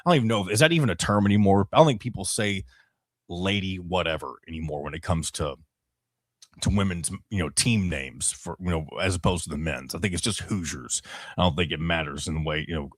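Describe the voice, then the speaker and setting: A man's voice: deep voice, a little fast, a bit bright, no echo, studio quality. A young man hosting a solo sports podcast, running through scores casually with rambling asides and self-corrections.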